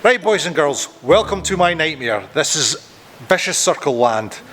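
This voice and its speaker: A man's voice: fairly high pitch, very animated, normal speed, a bit bright, faint music behind. A man filming a casual boat-building vlog on board, tripping over his words and scolding himself as he goes. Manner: stumbling, self-mocking, swears at his own slips. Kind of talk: casual to-camera vlog outtakes. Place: aboard a boat under construction, indoors.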